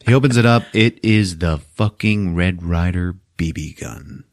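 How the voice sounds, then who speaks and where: A man's voice: deep voice, unhurried, creaky. A man hosting a podcast, recapping a movie in a casual, profane way, laughing often and acting out characters.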